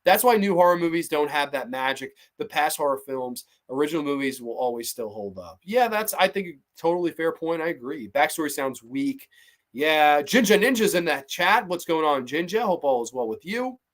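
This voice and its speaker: A male horror podcast host chatting casually on a livestream. His voice sits a touch high, and he rants with plenty of swearing. He stammers and restarts whenever he gets heated. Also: moderate pace. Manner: ranting, profane, animated, stammering restarts.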